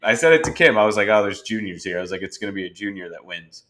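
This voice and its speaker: A man with a low-set, bright and forceful voice hosts a podcast in easy conversation. He tells his stories with energy and slips into the voices of the people he quotes. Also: racing. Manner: animated storyteller who acts out quoted dialogue. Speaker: podcast host. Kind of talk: casual conversation.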